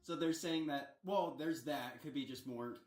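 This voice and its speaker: A man's voice: a little high, moderate pace, darkish tone, echoey room, soft background music. A man in casual chat, wry and laid-back, laughing now and then.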